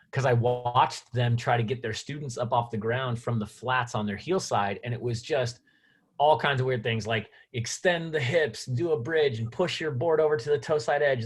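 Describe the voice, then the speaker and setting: A man hosting a session and training snowboard instructors, explaining ideas in an enthusiastic, rambling way on a video call. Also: medium pitch. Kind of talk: casual chat on a video call.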